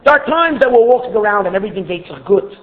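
A man's voice: high-pitched, rapid-fire. Earnest man teaching Torah, tinny recording. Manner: earnest, expressive, repeats words when restarting. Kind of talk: spoken Torah class.

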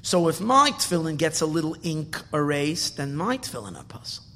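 A man's voice: on the high side, sing-song, moderate pace, pushed and bright, exaggerated voice. A man voicing a devout Hasidic rabbi, pleading. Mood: impassioned. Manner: earnest, passionate inner pleading. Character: devout old Hasidic rabbi wrestling with his doubts. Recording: long reverb of a hall.

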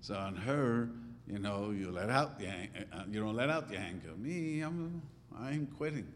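Middle-aged man, religious teacher, animated and chatty, hall reverb with faint rumble. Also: moderate pace. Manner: animated, conversational, acts out quoted thoughts. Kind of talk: Torah class lecture.

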